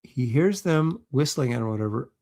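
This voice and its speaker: A man's voice: medium pitch, expressive, fairly quick, darkish tone. A man hosting a casual livestream, reacting to videos and reading viewer comments in a sarcastic, skeptical way. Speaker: livestream host.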